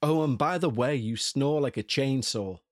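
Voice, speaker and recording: A man's voice: mid-range voice, moderate pace, no room sound, studio quality, close to an everyday voice. A man voicing a sleepy young woman friend in a tired, dismissive tone within a horror story.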